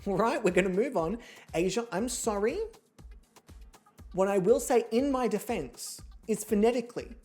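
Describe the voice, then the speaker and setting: A woman's voice: medium pitch, moderate pace, a little mellow, faint music behind. A woman streamer giving casual gameplay commentary from home, with sarcastic, profane, theatrical rants. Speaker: gaming streamer.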